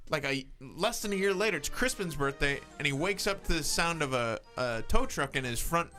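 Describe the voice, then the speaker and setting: A man's voice: a little high, animated, a little fast, sharp tone, soft background music. A man co-hosting a podcast, telling stories in a loose, profane, casual way. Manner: storytelling, profane, laid-back. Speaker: podcast co-host. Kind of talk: casual chat.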